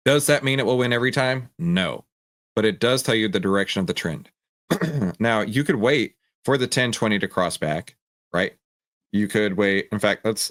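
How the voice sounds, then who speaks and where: A man with a low voice hosts a live question-and-answer session, talking through charts as he works. He sounds dry and close to the mic, with no room echo. He speaks casually, repeats phrases and restarts his sentences. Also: a bit bright. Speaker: trading show host. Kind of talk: live Q&A with screen-share chart walkthrough.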